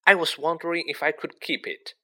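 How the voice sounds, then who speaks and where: A man reading a story aloud, putting on the voice of a clever, bossy young schoolgirl who talks shrilly and excitedly. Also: a little high, fairly quick, voice pushed up. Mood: shrill. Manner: breathless, excited.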